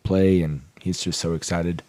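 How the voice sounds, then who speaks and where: Man, podcast co-host, low mellow voice, dry close sound, excitable storyteller with jokey exaggeration. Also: a little slow, dry recording. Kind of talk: casual sports podcast chat.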